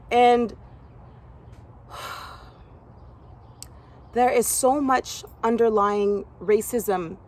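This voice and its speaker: Animated young woman telling a story. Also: drawn-out words, pauses often. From Canada. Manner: animated, acts out other people's lines in a higher voice. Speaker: former gymnast telling her story. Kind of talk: personal storytelling vlog.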